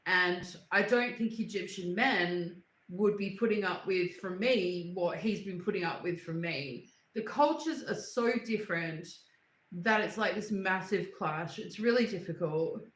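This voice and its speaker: A young woman with a lowish, unhurried, somewhat bright voice hosts a casual livestream. She's blunt and angry, swears, and repeats herself, and her echoey room is audible.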